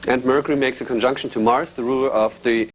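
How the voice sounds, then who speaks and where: A man's voice: mid-range voice, steady tone, quick pace, a little hiss or hum, poor audio. A man teaching an astrology class to a group, explaining step by step and often checking in with a questioning "yeah?".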